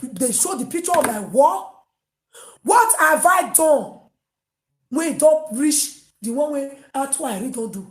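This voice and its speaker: A woman with a Nigerian Pidgin accent hosting an online gossip show, mocking loudly and breaking into sung chants. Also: high-pitched, expressive, measured pace. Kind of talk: animated gossip commentary. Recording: echoey room.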